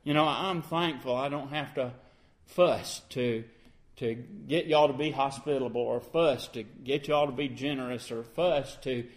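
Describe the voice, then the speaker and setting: A man, preaching as pastor and explaining scripture line by line in an earnest, plainspoken way. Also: fairly high pitch. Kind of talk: sermon.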